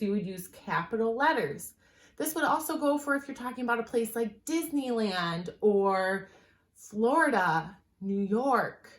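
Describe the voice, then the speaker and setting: A woman teacher giving a writing lesson, explaining clearly and patiently and slowing down to stress her examples. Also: medium pitch. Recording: echoey room.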